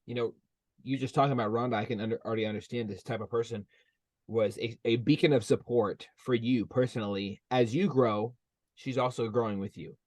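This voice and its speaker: A man's voice: medium pitch, steady tone, a little fast, a little mellow, no room sound. A man hosting a podcast, answering his guest in a reflective, supportive way. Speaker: podcast host. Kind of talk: casual interview.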